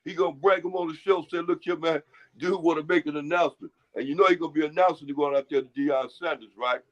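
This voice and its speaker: A man with a fairly high voice rambles through a casual chat, looping back on his own words and dishing out folksy advice. The audio is muffled and lo-fi. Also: fairly even intonation, fast.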